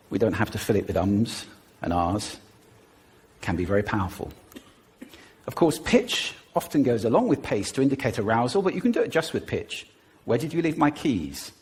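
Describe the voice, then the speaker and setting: A man giving a stage talk in an animated way, demonstrating voice techniques as he speaks. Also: fairly low pitch, normal speed, pauses often, husky. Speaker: public speaker.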